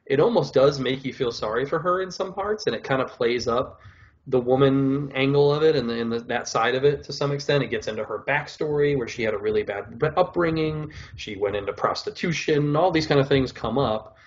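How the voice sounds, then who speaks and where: A man in a mid-pitched voice co-hosts a podcast and reviews shows in loose, rambling chat. He fills his talk with "like" and "whatever". The audio is a little dull and muffled. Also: a little fast. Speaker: podcast co-host.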